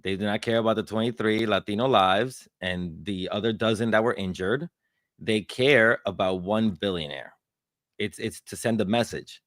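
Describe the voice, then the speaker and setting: A man's voice: on the low side, moderate pace, fairly bright tone, no room sound, studio quality. A man guesting on a chat show, talking loosely and acting out what others say. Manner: conversational, quotes others in put-on voices. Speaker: guest comedian. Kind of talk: casual chat.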